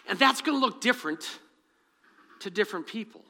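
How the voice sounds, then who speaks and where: A man preaching a sermon as pastor, animated, mixing scripture reading with humorous asides. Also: sits high, a little fast, in a large hall. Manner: reads scripture aloud and acts out the dialogue.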